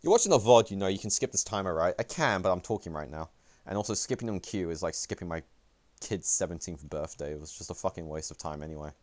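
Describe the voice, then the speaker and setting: A young man talking on a livestream in a deep, low voice. He rambles and swears freely, mocking himself as he goes. It is loose, off-the-cuff commentary. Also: expressive, quick pace, a little mellow. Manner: rambling, profane, self-deprecating. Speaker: esports player and streamer.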